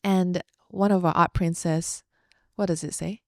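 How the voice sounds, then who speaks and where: A woman's voice: lowish voice, fairly even intonation, a little slow, vocal fry, a little mellow, no room sound, studio quality. Candid young woman podcast host. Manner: open and heartfelt, chatty with frequent fillers. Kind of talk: candid personal storytelling.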